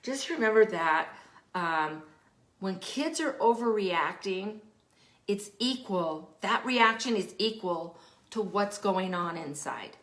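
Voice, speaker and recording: A woman's voice: mid-range voice, slow pace, roomy sound. A woman parenting specialist and teacher giving casual advice, acting out what children and parents say and dropping to a whisper for emphasis. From Denver area, United States. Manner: animated, acts out quoted children and parents, drops to a whisper for emphasis. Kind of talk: casual explanatory advice talk.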